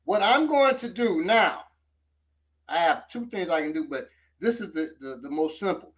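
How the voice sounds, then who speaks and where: Man, self-defense instructor, high pitch, bright voice, animated demonstrating. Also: normal speed, recorded from a distance. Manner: animated, coaching while demonstrating moves. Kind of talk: casual demonstration talk.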